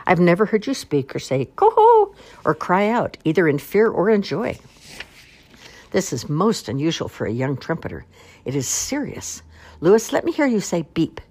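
A woman's voice: fairly low pitch, a little mellow, breathy edge, voice pushed up, full character voice. A woman voicing a pompous, long-winded male swan father who makes grand, flowery speeches in a storybook reading.

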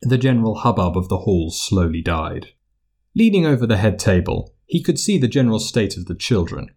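Man reading a story aloud, lively intonation. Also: lowish voice, a little fast. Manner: expressive storytelling. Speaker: narrator. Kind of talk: audiobook reading of fiction.

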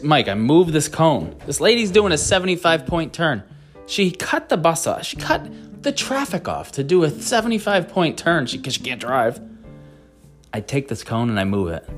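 A man telling a heated, profane anecdote in a voice message. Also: medium pitch. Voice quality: profane, heated, animated storyteller. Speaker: caller telling a story by voice message. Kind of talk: rambling anecdote told to a podcast host.

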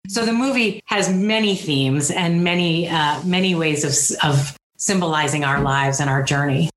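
A woman's voice: low voice, normal speed, reverberant. A woman speaking as an interview guest, earnest and rambling, with self-deprecating humor. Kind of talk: candid personal interview.

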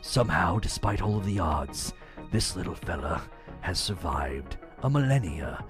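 A man doing a deep, solemn documentary narrator. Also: lively intonation, soft background music. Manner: slow, grave, low delivery. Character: hushed male nature documentary narrator, solemn.

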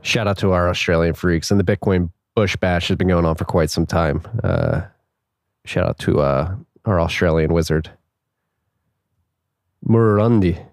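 A man's voice: low voice, normal speed, no room sound, studio quality. A man co-hosting a podcast, chatting casually and reading out news with jokes, laughs and fillers. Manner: joking, laughs often, trails off with fillers. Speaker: podcast co-host.

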